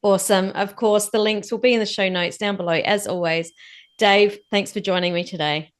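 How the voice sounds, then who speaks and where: A woman's voice: medium pitch, steady tone. Encouraging woman hosting an interview. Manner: encouraging, quick affirmations. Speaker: podcast host. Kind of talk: casual interview.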